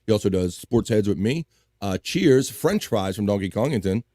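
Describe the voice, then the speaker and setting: A man's voice: on the low side, lively intonation, moderate pace, mellow, dry recording, studio quality. A man with a Baltimore accent hosting a live stream in casual chat, laughing often and swearing freely.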